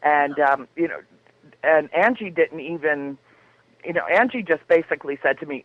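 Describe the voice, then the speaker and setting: A woman's voice: deep voice, normal speed, phone-quality sound. A woman guest on a radio talk show, chatting in an effusive, dramatic storytelling way. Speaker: guest author.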